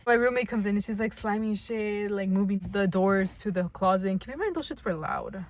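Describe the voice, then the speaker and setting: This podcast co-host, a young woman from California, talks a little fast in a mid-range voice with barely a pause. She's telling a story casually, cursing freely, relying on "like," and acting out her past remarks.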